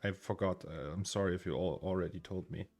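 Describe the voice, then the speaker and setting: A German man in his thirties chats casually on a live stream from his home studio, rambling, reading out chat names and chuckling often. His voice sits low with a steady tone and a slightly dark color, and he talks fairly quickly. Faint music plays in the background.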